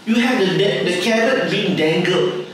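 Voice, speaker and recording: A man's voice: high voice, normal speed, slight background noise. A man in his thirties with a Singaporean English accent, answering viewers' property questions in a casual, joking livestream full of local particles. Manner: chatty, joking, Singlish particles. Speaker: property agent and livestream host. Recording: very echoey room, distant mic.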